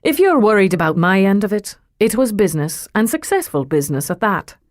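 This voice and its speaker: A woman voicing a suave, wealthy man with a faint Irish lilt, smooth and amused, in an audiobook. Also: medium pitch, big pitch swings, brisk, no room sound, studio quality, close to an everyday voice. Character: suave wealthy man, teasing and self-assured. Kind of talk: audiobook character reading.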